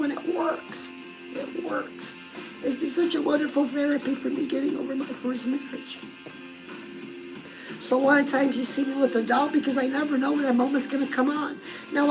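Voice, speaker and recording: A woman with a notably high voice talks in a chatty, sassy coaching tone on a comedic live show, calling her listener "girl" again and again. Clear music plays under her voice throughout. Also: low-quality recording. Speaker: self-help show host.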